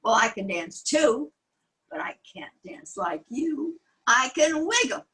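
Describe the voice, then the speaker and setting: A woman's voice: sits high, big pitch swings, slow, fairly bright tone, husky, far from the mic, full character voice. A woman voicing a friendly farmyard pig in a children's storybook, lightly bragging. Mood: proud.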